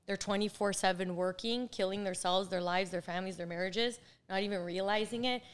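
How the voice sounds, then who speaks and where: Animated woman in her forties, smooth voice. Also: mid-range voice, a little fast. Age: 40s. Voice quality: animated, laughs often while telling stories. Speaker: guest, real estate coach. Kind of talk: casual interview chat.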